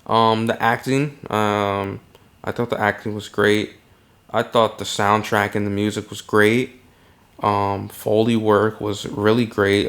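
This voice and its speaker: A man co-hosting a casual film review podcast, talking in an easygoing, halting way with frequent pauses. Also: lowish voice, fairly bright tone. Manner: easygoing, halting, many ums and restarts. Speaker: podcast co-host.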